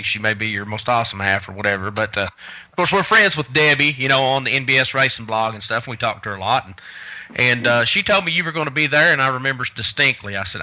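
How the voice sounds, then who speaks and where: A man's voice: fairly low pitch, sharp tone, poor audio. A man co-hosting a radio show who tells long, rambling, enthusiastic stories. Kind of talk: casual radio chat.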